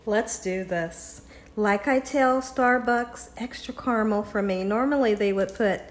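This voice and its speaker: A woman's voice: mid-range voice, measured pace, echoey room. A woman hosting a home cooking video, chatting with viewers as she tastes and pours, laughing often. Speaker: cooking channel host. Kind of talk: casual cooking demonstration. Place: home kitchen.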